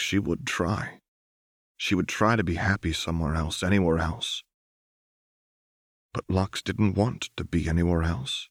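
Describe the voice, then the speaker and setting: A man reading fan fiction aloud as an audiobook narrator, in measured, even storytelling. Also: low voice, no echo, clean studio sound.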